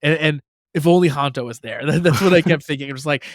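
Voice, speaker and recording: A man's voice: fairly high pitch, fast, no echo. A man with a slightly raised voice co-hosts a casual podcast. He gushes with enthusiasm and leans on loose fillers. The sound is dry and close, with no room around it. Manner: gushing, enthusiastic, many "like" fillers. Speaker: podcast co-host. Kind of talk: casual chat.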